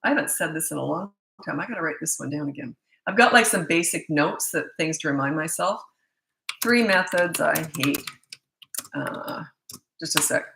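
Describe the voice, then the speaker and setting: A woman's voice: low voice, animated, normal speed, gravelly, echoey room, background noise. A middle-aged woman parenting coach answering viewer questions in a blunt, emphatic way, often restarting her sentences.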